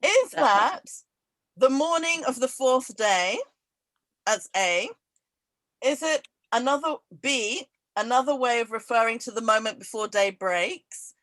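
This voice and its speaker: A woman hosts a casual quiz over a video call, her voice a little high and her delivery slow and unhurried. She laughs often and reads each question twice. The sound is dry and close. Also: a bit bright, no room sound, rough recording. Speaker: event host running a quiz. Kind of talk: casual online event chat.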